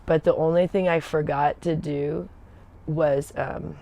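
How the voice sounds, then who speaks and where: A woman's voice: low voice, fairly even intonation, a little slow, mellow. A woman telling a casual story in a loose, rambling way. She wanders off on side paths, loses her thread and laughs often as she goes. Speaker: Air Force veteran telling stories on a livestream.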